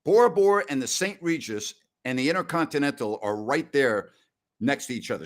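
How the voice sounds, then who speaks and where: A middle-aged man hosting a sports talk stream, chatting casually in a rambling, blustery way. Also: medium pitch. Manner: rambling, blustery, breaks into loud mock rants. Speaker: sports talk show host. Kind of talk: casual live-stream chat.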